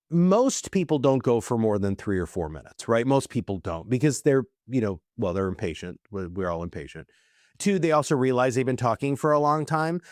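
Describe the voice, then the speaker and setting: A man's voice: mid-range voice, dry recording, clean studio sound. A man speaking as a podcast guest, earnest and emphatic, often repeating words for stress. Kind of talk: conversational podcast talk.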